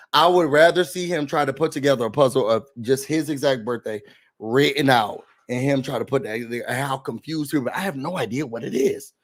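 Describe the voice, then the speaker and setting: A man hosting a casual reality show recap, sassy and animated, mocking the people he talks about. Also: medium pitch, moderate pace.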